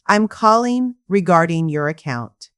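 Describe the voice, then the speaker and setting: A woman's voice: fairly low pitch, animated, a little slow, fairly bright tone, clear, resonant tone. A woman voicing a male bank officer on the phone, with a professional, cool delivery. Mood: formal. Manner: professional, cold.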